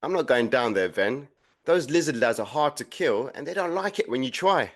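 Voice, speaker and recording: A man voicing a dim, grumbling trooper who says whatever comes to mind. His voice is mid-pitched and plain, delivered flatly and bluntly. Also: moderate pace, close to an everyday voice. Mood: grumpy. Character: dim, grumpy male soldier bunkmate. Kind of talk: audio comedy acting.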